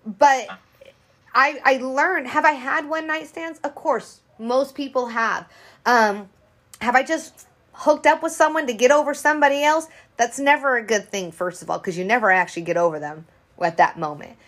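A woman's voice: high voice, moderate pace, fairly bright tone. A woman in her thirties co-hosting a podcast, talking frankly and profanely in a rambling casual chat full of restarts. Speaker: podcast co-host.

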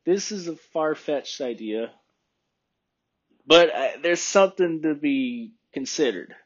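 A man's voice: a little high, animated, slow, dull audio. A man in a casual opinion monologue, rambling and thinking aloud, often questioning himself.

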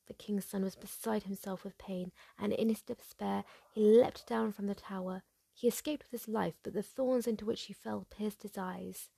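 Woman, whispered role-play, breathy, close and dry, low warm tone, slight fry. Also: dry recording. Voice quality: soft and breathy. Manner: gentle, slow and hushed. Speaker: storyteller.

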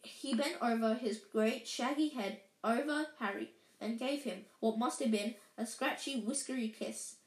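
A woman's voice: a little high, a little slow, hardly any pauses. A woman reading a storybook aloud in an unpolished way, often stumbling and correcting herself. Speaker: reader. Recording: echoey room.

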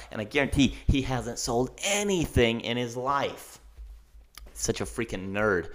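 Guy ranting on his podcast, emphatic, keeps going okay?. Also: medium pitch. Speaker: podcast host. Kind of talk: solo podcast rant.

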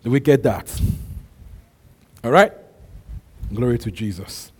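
A man's voice: medium pitch, lively intonation, takes it slowly, husky. A male pastor preaching a sermon, emphatic and repetitive, calling out to his congregation. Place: church. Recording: long hall reverb.

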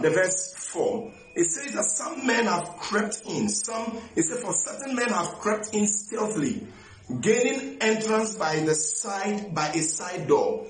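A man preaching a sermon, repeating phrases slowly for emphasis, often restarting with short laughs between phrases. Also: high-pitched. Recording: echoey room.

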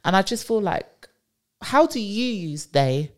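A woman's voice: mid-range voice, sing-song, unhurried, darkish tone. A woman with a London accent, co-hosting a podcast in casual, chatty talk full of "like". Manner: chatty, peppered with "like". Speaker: podcast co-host. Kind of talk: casual chat.

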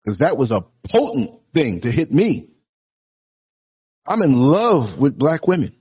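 A man's voice: a little high, very animated, unhurried, husky. Earnest man on a tinny phone line. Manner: earnest, preachy, musing. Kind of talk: philosophical monologue.

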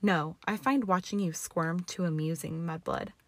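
A woman reads a cruel, arrogant young wizard who taunts with a cold drawl, set in a lowish register. The delivery is dry and close, with no room around it. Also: moderate pace, dry recording, natural voice. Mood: taunting.

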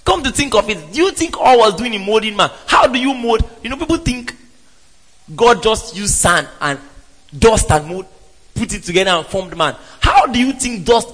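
A man preaches a sermon in a high voice that swings widely. He asks rhetorical questions and breaks into sudden loud exclamations. His voice carries a long reverb from a church hall. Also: very animated, normal speed.

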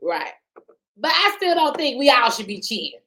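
A woman co-host talks in a casual podcast chat, her voice sitting a little high. She is blunt and profane, and laughs often. She swings between low mutters and loud outbursts. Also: sing-song, normal speed.

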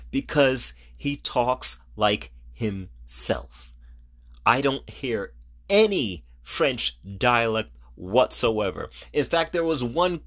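A middle-aged man hosting a podcast, giving casual solo movie commentary in an animated, ranting way and laughing at his own jokes. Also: mid-range voice. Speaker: podcast host.

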